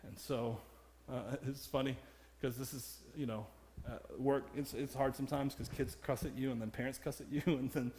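Joking preacher in a reverberant church. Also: male voice, mid-range voice, fairly even intonation, normal speed, a little mellow, a little hiss or hum. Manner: humorous, self-deprecating, laughs often. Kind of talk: sermon. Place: church sanctuary.

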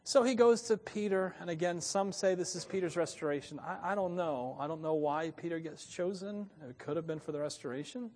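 A man preaching a sermon in a chatty, animated storytelling way, often laughing at his own asides. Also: on the high side, long reverb tail. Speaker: pastor.

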